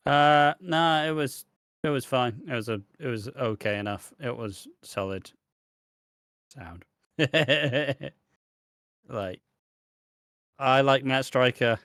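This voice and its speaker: A man's voice: medium pitch, slow pace, pauses often, a bit bright, no room sound. A man co-hosting a wrestling podcast, laid-back and dry, dropping swear words into match rundowns. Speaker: podcast co-host. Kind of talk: casual chat.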